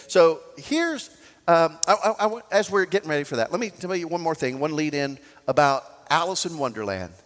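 A man preaching a sermon as pastor, swinging from loud to soft. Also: fairly high pitch, in a large hall.

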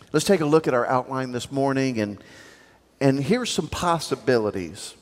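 A middle-aged man preaching a sermon as a pastor, telling stories in an animated way and acting out the voices in them. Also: fairly high pitch, moderate pace. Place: church sanctuary. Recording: long reverb of a church hall.

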